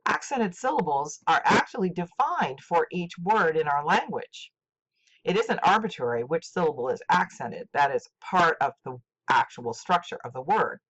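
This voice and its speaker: Older woman teacher, low lively voice. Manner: slow, deliberate, clearly enunciated teaching. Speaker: literature teacher. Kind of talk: scripted instructional lesson. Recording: dull lo-fi recording.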